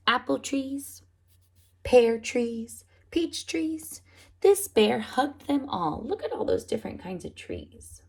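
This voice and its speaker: A woman preschool teacher reading picture books aloud to young children, animated and often asking them questions. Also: fairly high pitch, slow, vocal fry, husky. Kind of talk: storybook read-aloud for children.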